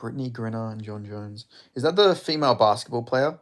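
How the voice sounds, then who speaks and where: A man hosting a live fight watch-along, giving casual, profane commentary with sudden excited outbursts. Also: mid-range voice, fairly quick, few pauses. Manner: excitable, swearing, bursts into loud reactions.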